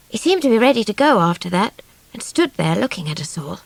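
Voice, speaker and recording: A woman's voice: medium pitch, big pitch swings, fairly quick, vocal fry, no echo. A woman narrating a story in a chatty, girlish first-person voice. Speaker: audiobook reader.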